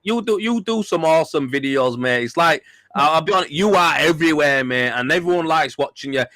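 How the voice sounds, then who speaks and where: A young man hosting a podcast in a loose, chatty way, swearing freely and laughing at his own stories. His voice is bright and forceful and a little high, with no room echo at all. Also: expressive, brisk. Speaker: podcast host. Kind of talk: casual chat.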